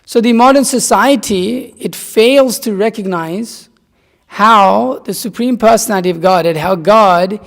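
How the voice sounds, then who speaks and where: High gravelly man teaching. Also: measured pace. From Nepal. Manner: rambling, repeats himself for emphasis. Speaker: spiritual teacher. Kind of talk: conversational scripture class. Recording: long reverb in a hall.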